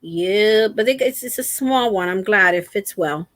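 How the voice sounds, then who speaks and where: A woman's voice: mid-range voice, a little slow, a bit bright, no room sound. A middle-aged woman chatting casually on a live stream from home, laughing often as she tells stories to her viewers. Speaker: crochet channel host. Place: at home, lying down with feet raised. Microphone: laptop.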